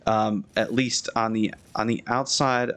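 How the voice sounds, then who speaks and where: A young man talks through a live gameplay session in an easy, conversational way, pointing out details of the buildings around him. His voice sits at an ordinary middle pitch, and he breaks into excited yelps when something surprises him. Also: unhurried. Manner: chatty and excitable, with frequent restarts and sudden high exclamations. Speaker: architecture critic playing a video game.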